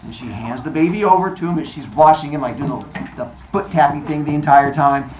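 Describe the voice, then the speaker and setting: A woman retelling a myth in a lively comic way, joking and quizzing her listeners. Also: deep voice, brisk. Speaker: storyteller. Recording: echoey room, noisy.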